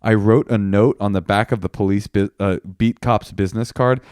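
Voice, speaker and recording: A man co-hosting a podcast, chatting casually and telling stories with animated quoted voices. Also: moderate pace, smooth, dry recording, studio quality. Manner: animated storyteller, jumps into high quoted voices. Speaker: podcast co-host. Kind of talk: casual chat.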